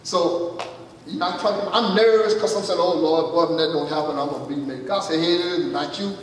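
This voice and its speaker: Man pastor, high voice, storytelling sermon, acts out dialogue, recorded from far off in a church hall. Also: a little fast. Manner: storytelling, acting out dialogue, calls out "you listening?". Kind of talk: testimony sermon. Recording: echoey hall from far off, faint noise.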